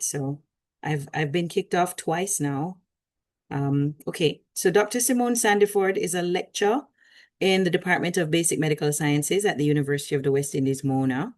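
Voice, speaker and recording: A woman's voice: low-pitched, a little mellow. A woman moderating an online session, chatty and joking between formally read speaker introductions, heard over a video call.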